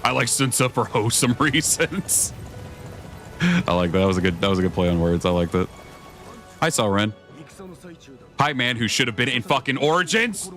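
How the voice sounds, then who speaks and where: A man's voice: mid-range voice, big pitch swings, normal speed, pauses often, fairly bright tone, faint music behind. A young man streaming a video game, chatting casually with his viewers, swearing often and rambling between thoughts. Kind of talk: casual gameplay commentary.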